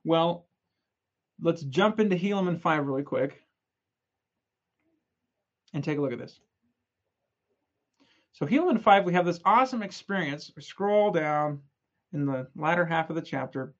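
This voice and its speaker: A young man giving a casual, energetic scripture lesson, retelling stories in a chatty, playful way. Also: a little high, a little slow, pauses often, highs cut off. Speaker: scripture study presenter.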